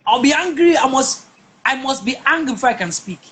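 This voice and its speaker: A woman's voice: high-pitched, lively intonation, fairly quick, fairly bright tone, slight background noise. Emphatic woman, many restarts. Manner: emphatic, with frequent repeated words and restarts. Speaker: guest. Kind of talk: personal testimony in a conversation.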